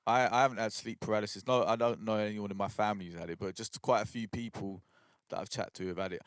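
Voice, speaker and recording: A man, a podcast co-host in casual chat who chimes in with lots of quick yeahs. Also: on the low side, fairly even intonation, no room sound.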